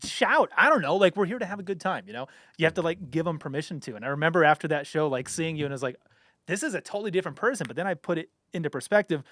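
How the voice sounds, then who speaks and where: Guy cohosting a podcast, gets loud and excited, lots of "like", dry mic. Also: a little high, rapid-fire, few pauses, dry recording. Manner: animated, emphatic, rambling with fillers. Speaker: podcast co-host, bassist. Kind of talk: casual chat.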